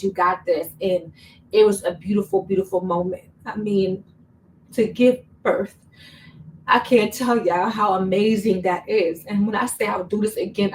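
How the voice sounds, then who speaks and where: A young woman vlogger tells a personal story in a casual, chatty way, repeating words for emphasis. Her voice is medium-pitched and a little mellow, picked up by a slightly distant mic with faint room noise.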